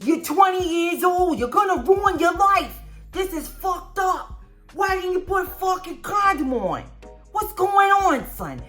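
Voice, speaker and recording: An aging father in a towering rage, as a woman puts him on. He shouts and curses in a high, strained voice. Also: big pitch swings, unhurried, soft background music, full character voice. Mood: furious yelling. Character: furious aging father yelling at his grown son.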